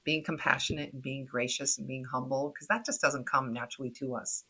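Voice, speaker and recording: A woman's voice: very deep voice, steady tone, brisk, background noise. A middle-aged woman speaking as a podcast guest in casual conversation, laughing often and acting out quoted voices.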